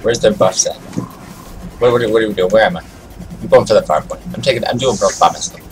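A man's voice: fairly low pitch, brisk, a little hiss or hum, poor audio. Taunting male gamer over game music. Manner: taunting, trash-talking opponents. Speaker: gaming streamer. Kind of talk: casual gameplay commentary. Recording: game music loud behind voice.

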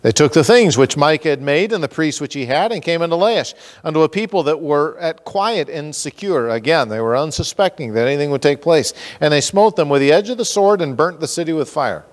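A man preaching an expository sermon as pastor, animated and acting out scripture characters with comic exasperation. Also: fairly high pitch, fairly quick, hardly any pauses, big-room sound. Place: church sanctuary.

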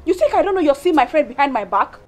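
A Nigerian actress playing a jealous young woman who feels betrayed, shouting accusations and slipping into Pidgin. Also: sits high, very animated, fast, faint music behind. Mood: angry, hurt. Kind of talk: film acting.

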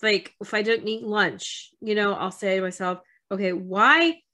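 A woman co-hosting a podcast, chatting casually with halting restarts and frequent laughter. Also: mid-range voice, steady tone, fairly bright tone. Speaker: podcast co-host.

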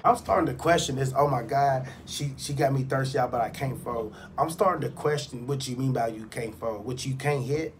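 A man's voice: medium pitch, fairly quick, hardly any pauses, slight background noise. A man hosting a reaction channel, riffing loosely in slang and acting out quotes. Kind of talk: casual reaction commentary.

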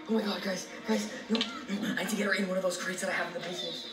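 A man narrates a haunted-doll vlog in a jumpy way, speaking straight to his viewers. He sounds set back from the mic in a roomy, echoing space, with music playing clearly underneath. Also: high voice, lively intonation, quick pace, far from the mic. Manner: jumpy, addresses viewers as guys. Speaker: video creator.

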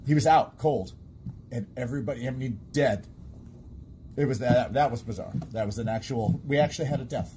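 A man's voice: mid-range voice, brisk, background noise. A man, a guest who works as a stage sound and lighting technician, telling stories in casual chat with lots of laughter and restarts. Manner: laughing storyteller, animated, trailing restarts.

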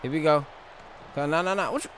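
A man giving loud, trash-talking live commentary while playing a wrestling game. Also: fairly high pitch, fast, a little hiss or hum. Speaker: gaming channel host.

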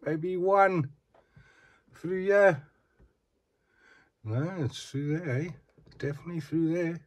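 A man's voice: a little high, slow. A man chatting casually as he shows off an action figure, often asking the viewer "eh?". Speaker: action figure collector showing a figure. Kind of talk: casual show-and-tell vlog.

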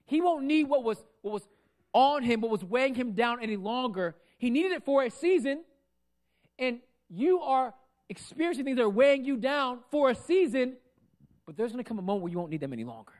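A man preaching a sermon as pastor into a microphone in a church, with a loud, projecting voice that swings between big declarations and soft asides. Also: extremely high pitch, sing-song, fairly quick. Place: church sanctuary.

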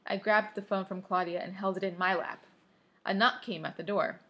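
A woman reading a children's novel aloud in a lively way, now and then stopping to remark on the text. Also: mid-range voice, fairly quick. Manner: lively, breaking off to comment on the text. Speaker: reader.

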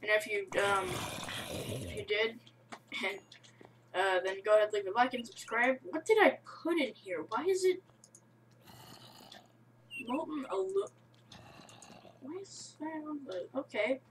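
A young woman giving excitable, rambling let's-play commentary on her game, breaking into yelps. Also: fairly high pitch, measured pace, long pauses. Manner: excitable, rambling, bursts of yelling. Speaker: gamer. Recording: distant mic with faint hiss.

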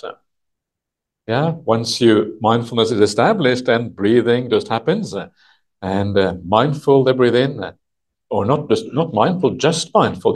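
Husky, halting male meditation teacher. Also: medium pitch. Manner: halting, thinks aloud, many "uh" and "yeah" fillers; gentle, patient explaining. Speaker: Buddhist monk teaching a retreat. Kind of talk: unhurried dharma talk explaining a text. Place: retreat session with a live audience.

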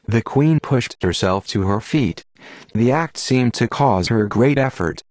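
A man reading an audiobook in a steady, measured narration. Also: medium pitch, no room sound.

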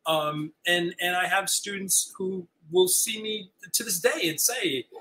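An older man, a retiring high school teacher, telling stories as an interview guest and acting out the dialogue. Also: unhurried, rough recording. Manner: animated, acts out quoted dialogue. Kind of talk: storytelling chat.

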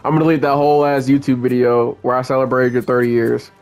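A young man hosting a gameplay channel rants angrily and curses at the game over game music. His voice is medium-pitched and darkish, with a level tone, a quick pace, and a clean tone.

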